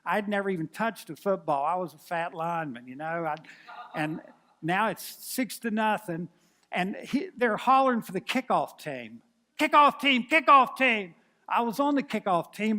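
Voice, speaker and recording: A man in his sixties, a pastor telling a folksy, animated story in a sermon. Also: sits high, moderate pace. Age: 60s.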